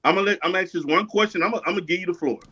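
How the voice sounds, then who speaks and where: A man hosting a heated panel debate, cutting in with repeated words, then asking his question slowly and deliberately. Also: high voice, sharp tone, slightly rough. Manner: insistent, repeats words when interrupting, then slow and deliberate. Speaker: channel host. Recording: dull lo-fi audio.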